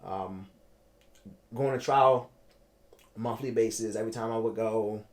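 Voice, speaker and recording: A man, telling his own story in a casual interview, animated and repeating himself for emphasis. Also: fairly low pitch, a little slow. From Baltimore, United States. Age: 30s.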